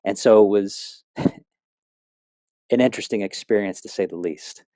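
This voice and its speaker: A man's voice: lowish voice, unhurried, warm tone, no echo, clean studio sound. A middle-aged man telling his personal faith testimony in an earnest, rambling way, with many fillers and restarts. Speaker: speaker sharing a testimony.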